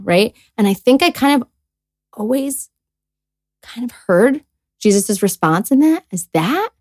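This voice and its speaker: A woman's voice: mid-range voice, animated, normal speed, a little mellow, no echo. A woman co-hosting a casual faith podcast, reading scripture aloud and reflecting on it in an earnest, chatty way with many "like"s. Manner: chatty and earnest, many "like"s, voices quoted people. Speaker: podcast co-host.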